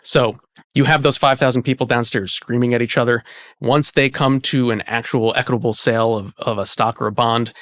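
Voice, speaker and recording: A man, an archivist hosting the conversation, explaining in a relaxed way with lots of "you know" fillers. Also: mid-range voice, dry recording, clean studio sound. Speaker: archivist and host. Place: indoor archive space.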